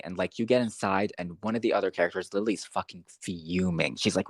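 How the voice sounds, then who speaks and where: A young man co-hosting a podcast, talking casually with lots of fillers, rambling and getting excited. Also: low-pitched, a little fast, hardly any pauses, no room sound. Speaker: podcast co-host. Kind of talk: casual chat.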